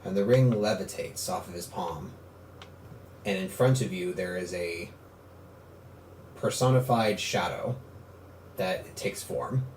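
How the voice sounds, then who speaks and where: A man narrating a tabletop game as game master, animated and joking, often laughing. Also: low voice, slow, long pauses, roomy sound, a little hiss or hum, low-quality recording.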